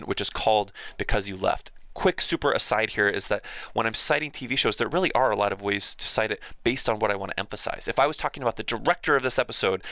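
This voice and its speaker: Fast-talking, gravelly-voiced male teacher. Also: on the low side, no room sound. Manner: quick, chatty, animated asides. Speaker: writing teacher. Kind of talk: casual explanatory lesson.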